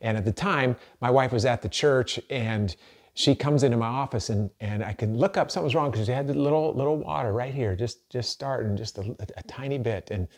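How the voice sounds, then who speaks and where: A man's voice: medium pitch, a little fast. A middle-aged man preaching a sermon as a pastor, earnest and conversational, often restarting his sentences.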